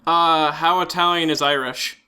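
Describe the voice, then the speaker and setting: A man's voice: fairly high pitch, fairly even intonation, moderate pace, sharp tone, smooth. A man as a guest in a casual podcast chat, with dry, sardonic humor.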